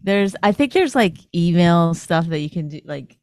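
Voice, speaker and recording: Quick, joking woman co-host. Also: fairly low pitch, lively intonation, darkish tone, dry recording, studio quality. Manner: quick, joking, often laughing. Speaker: podcast co-host. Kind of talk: casual chat.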